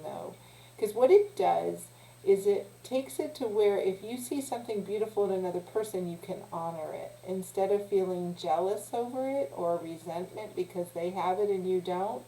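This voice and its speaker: A woman teacher leading a children's lesson, talking in a gentle, encouraging way with small pauses and restarts. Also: medium pitch. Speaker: youth teacher. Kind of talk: children's lesson, guided breathing. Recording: echoey room.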